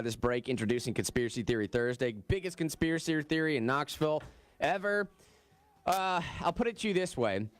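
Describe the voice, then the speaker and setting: Lively, wry male radio host. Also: mid-range voice, dry recording. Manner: wry, conversational, drawn-out asides. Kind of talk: talk radio monologue.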